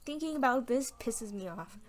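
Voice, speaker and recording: A woman's voice: a little high, animated, normal speed, slight background noise. A young woman telling a personal story on her vlog, frank and candid, acting out what people said. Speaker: vlogger.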